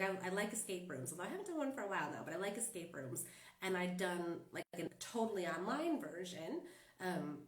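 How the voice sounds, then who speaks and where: Stuffed-up woman chatting in a roomy space. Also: lowish voice. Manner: rambling, with frequent fillers and laughs. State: stuffed up with a cold. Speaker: life coach. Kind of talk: casual chatty monologue. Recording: roomy and distant from the mic.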